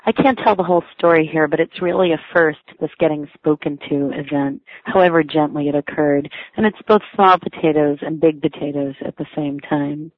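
Reading her blog entry aloud, a woman speaks at a normal speed with few pauses and fairly even intonation in a low-pitched voice. She treats her personal essay with wry, lightly amused self-mockery, and the recording is dry and tinny, phone-like.

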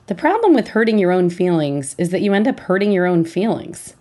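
A woman's voice: lowish voice, very animated, fairly quick, warm tone. A woman reading out the lines of her playful, teasing young son in a wry, mock-innocent way, in her own voice. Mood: earnest.

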